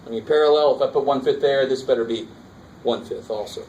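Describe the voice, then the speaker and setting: A man's voice: medium pitch, fast talker, darkish tone, far from the mic, lo-fi sound. A man teaching a college math class in a casual, engaged way, often checking that students are following along. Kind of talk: classroom lecture. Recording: roomy classroom recorded from afar, faint noise.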